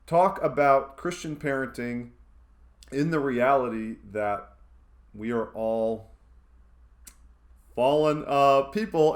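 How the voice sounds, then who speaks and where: Self-mocking man telling a church story. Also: mid-range voice. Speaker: church staff director. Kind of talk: casual talk to camera.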